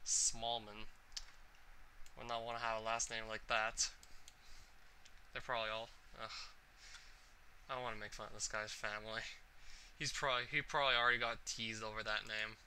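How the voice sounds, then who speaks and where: A man casually commenting on a game and reading its text aloud, thinking out loud as he goes. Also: on the low side, level tone, moderate pace, pauses often, a little hiss or hum, poor audio. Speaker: let's player.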